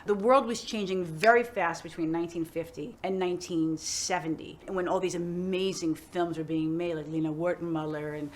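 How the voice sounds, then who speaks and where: A middle-aged woman, an actress chatting casually in an interview, animated and full of "like" fillers. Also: fairly low pitch, normal speed, few pauses, slight background noise. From United States.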